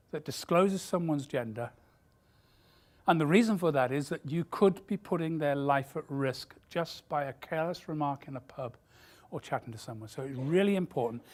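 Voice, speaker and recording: Deep-voiced woman giving a keynote. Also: darkish tone. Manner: emphatic and candid, with quick asides. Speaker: keynote speaker. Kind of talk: corporate keynote talk.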